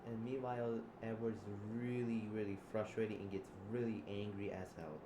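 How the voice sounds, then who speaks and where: A man improvising his part of a role-play story, halting and repeating words as he goes. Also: fairly low pitch, steady tone, roomy sound, noisy background.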